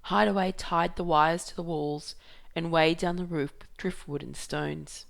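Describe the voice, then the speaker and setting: A woman reads a novel aloud in a measured, even storytelling way. Her voice sits low, with a gravelly edge, and she takes her time. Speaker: reader.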